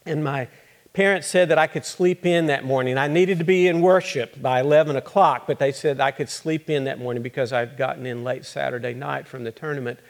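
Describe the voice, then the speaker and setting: A man's voice: mid-range voice, fairly even intonation, close to an everyday voice. A man playing an earnest teenage girl athlete. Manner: halting, repeats words while recalling. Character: earnest teenage girl basketball player, small-town. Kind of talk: dramatic first-person monologue.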